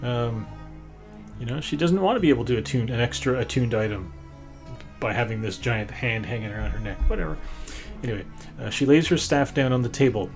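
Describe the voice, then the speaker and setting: A man's voice: medium pitch, darkish tone. A man running a tabletop game as game master, rambling and stopping often to find his words. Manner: rambling, many fillers and restarts.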